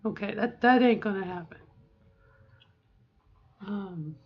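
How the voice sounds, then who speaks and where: A middle-aged woman speaks in a candid, chatty way, restarting her sentences as she goes. Her voice sits a little high. The sound is dull and lo-fi, as in a home video diary. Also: measured pace. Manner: chatty, candid, self-interrupting. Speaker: vlogger.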